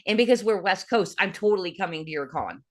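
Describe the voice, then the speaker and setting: A woman's voice: medium pitch, expressive, quick pace. Woman host, livestream interview, chatty and giggly, mid-range voice. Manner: chatty, laughs often, swears casually.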